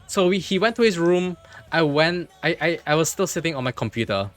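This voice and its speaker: Animated male streamer telling a story. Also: fairly high pitch, fairly quick, faint music behind. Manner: animated, repeats himself, swears freely. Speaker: livestreamer. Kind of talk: casual livestream storytelling.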